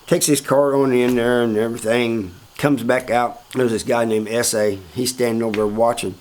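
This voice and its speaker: A man's voice: medium pitch, steady tone, normal speed, a little mellow. Laid-back man telling a story. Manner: laid-back, chuckling, many fillers. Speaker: host telling prison stories. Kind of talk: casual storytelling.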